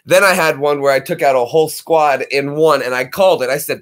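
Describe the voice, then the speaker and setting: Excitable man telling stories, fairly high voice. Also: a little fast, hardly any pauses. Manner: rambling, excitable storytelling with sound effects. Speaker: channel host. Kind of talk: casual chat.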